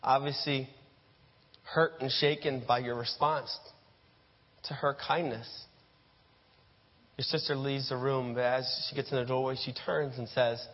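A man's voice: mid-range voice, flat delivery, unhurried, long pauses. Man preaching in a reverberant hall. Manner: addresses listeners as "you", acts out scenes. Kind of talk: sermon storytelling. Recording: dull echoey hall.

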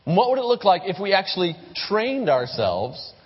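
A man's voice: high-pitched, very animated, normal speed, husky. A male pastor preaching a sermon in a casual, conversational way, often repeating and correcting his words. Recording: lo-fi church recording with long reverb.

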